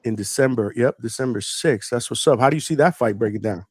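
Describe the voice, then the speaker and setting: A man hosting a live call-in show, upbeat, laughing easily and quick with short affirmations. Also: medium pitch, a little mellow, breathy edge, dry recording, studio quality. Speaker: host.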